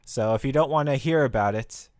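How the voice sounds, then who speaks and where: A man's voice: medium pitch, fairly quick, a little mellow, no room sound, studio quality. A man co-hosting a gaming podcast, laid-back in casual chat with wry asides. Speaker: podcast co-host.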